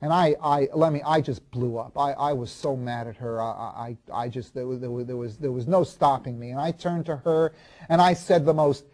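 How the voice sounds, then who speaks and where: A man's voice: mid-range voice, steady tone, darkish tone, close to an everyday voice. A man playing a proud, self-justifying ancient king. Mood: brooding. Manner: confiding and halting, with many restarts and repeated words. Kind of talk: first-person character monologue.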